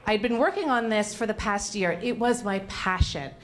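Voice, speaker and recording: Candid, animated woman telling a story. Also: mid-range voice, moderate pace. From Canada. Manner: animated, candid, self-mocking, swears freely. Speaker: speaker at a failure-stories event. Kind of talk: storytelling talk on stage.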